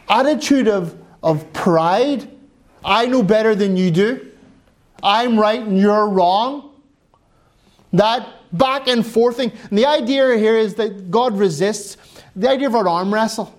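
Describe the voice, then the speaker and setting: A man's voice: high voice, darkish tone. A pastor preaching a sermon to his congregation, earnestly exhorting and repeating phrases for emphasis.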